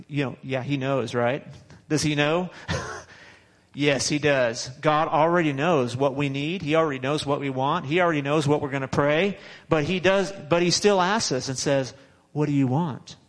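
Guy preaching a sermon, chatty, keeps repeating himself, voice a bit on the high side. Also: moderate pace, a bit bright, poor audio. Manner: conversational, repetitive, chuckles and restarts often. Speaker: pastor.

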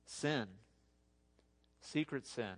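Male pastor, sermon, chatty and animated, mid-pitched. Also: drawn-out words. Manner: conversational, animated preaching with asides.

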